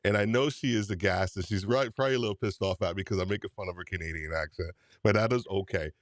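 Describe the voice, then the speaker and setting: A man's voice: low voice, quick pace, no room sound, studio quality. A man hosting a live-streamed podcast show, chatty and upbeat, teasing his guest. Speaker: host.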